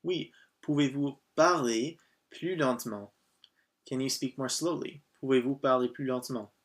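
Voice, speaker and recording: A man's voice: medium pitch, moderate pace. A man teaching a beginner language lesson, patient and encouraging, with lots of short prompts and repetition. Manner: patient, encouraging, switches between English and French phrases. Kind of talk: scripted lesson narration.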